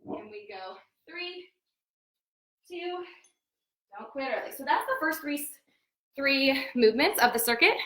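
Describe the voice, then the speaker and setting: A cheerful female fitness coach leads a live home workout, calling out form cues as she exercises, a little out of breath and positioned somewhat far from the mic. Her slightly high, fairly bright voice echoes heavily around the room. She's animated but speaks a bit slowly, with long pauses.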